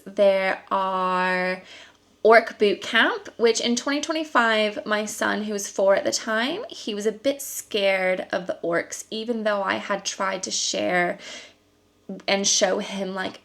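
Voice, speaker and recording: A mother who vlogs and makes costumes chats to camera, rambling through a festival story with lots of ums, likes and laughter. It's lively storytelling in a medium-pitched voice.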